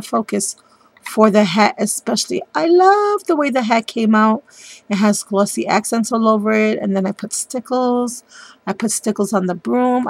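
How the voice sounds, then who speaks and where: A woman's voice: mid-range voice, creaky, no room sound. A middle-aged woman showing her papercraft project in a casual, gushing chat, with frequent ums and giggles. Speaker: papercraft designer. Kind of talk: casual craft show-and-tell.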